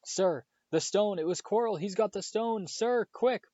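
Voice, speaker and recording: A man's voice: animated, moderate pace, a little mellow, no room sound, muffled recording, lightly acted. A man voicing a brave, frantic young boy wizard in urgent, raised outbursts, in a storybook reading. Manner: urgent, high-pitched outbursts.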